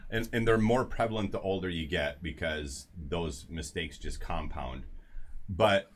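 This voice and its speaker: A man's voice: low voice, a little slow. A man hosting a casual health talk show, telling a story with lots of asides and restarts. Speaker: show host.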